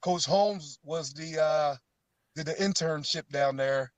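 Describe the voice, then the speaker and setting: A middle-aged man, a former pro football player, chatting as a guest and telling stories, getting animated when he quotes teammates. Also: on the high side, slow pace, no echo, poor audio. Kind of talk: casual phone interview.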